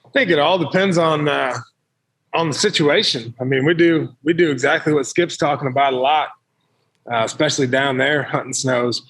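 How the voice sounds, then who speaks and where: Measured man answering as a guest. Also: fairly high pitch, a bit bright, low-quality recording. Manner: measured, repeats words as he thinks. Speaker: hunting lodge owner, guest. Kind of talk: casual interview answers.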